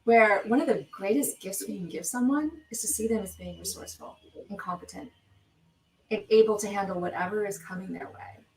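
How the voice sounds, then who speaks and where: A woman coach guesting on an interview over a video call, speaking in a calm, measured and earnest way. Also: medium pitch, reverberant, recorded from a distance, slight background noise, poor audio. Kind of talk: interview talk.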